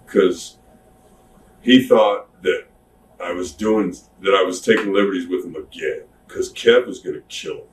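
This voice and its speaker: A man's voice: on the low side, a little fast, a little hiss or hum. A middle-aged man, a retired pro wrestler, telling stories in a candid sit-down interview, acting out what people said. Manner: drawling, animated retelling with acted-out quotes. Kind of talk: shoot interview, candid storytelling. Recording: roomy, distant mic with faint ambience.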